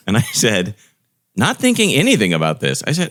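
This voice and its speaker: A man who is a teacher, a guest on a podcast telling classroom stories in an animated way and laughing often. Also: on the low side, moderate pace. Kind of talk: casual podcast chat.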